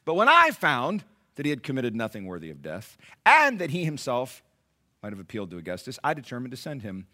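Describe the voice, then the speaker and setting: A man preaching a sermon, retelling scripture dramatically, swinging from hushed lines to loud, animated asides. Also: medium pitch, brisk. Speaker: pastor.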